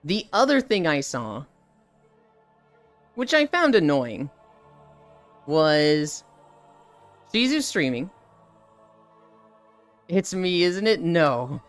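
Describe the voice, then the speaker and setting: A woman streamer telling a casual story on a live stream, animated and swearing freely. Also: fairly low pitch, extremely slow, long pauses, soft background music. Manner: animated, profane anecdote-telling.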